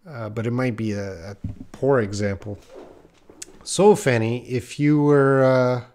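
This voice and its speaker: A man's voice: medium pitch, a little slow, a little mellow. A man teaching English on a live stream, reading out viewers' questions and thinking aloud with lots of fillers. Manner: thinking aloud with many uh fillers, reads viewer names and comments.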